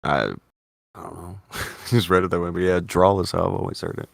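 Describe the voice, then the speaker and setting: A podcast host from Indiana runs a casual chat show in a deep, gravelly voice, talking a little fast in a steady tone. He argues animatedly and swears freely, his pitch jumping up when he pushes back. The audio is close and dry, with no echo.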